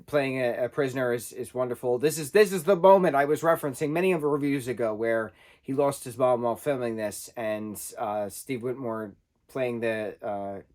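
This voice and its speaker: A man's voice: medium pitch, normal speed, darkish tone. A man giving a casual spoken film review, talking loosely and correcting himself as he goes. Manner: conversational, self-correcting, loosely rambling.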